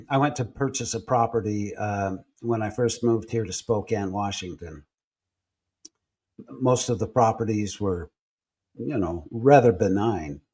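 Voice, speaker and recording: A man telling personal stories in a relaxed interview, acting out the people he quotes as he goes. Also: lowish voice, slightly rough. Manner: animated storyteller acting out quoted voices. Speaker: guest. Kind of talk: storytelling in a conversational interview.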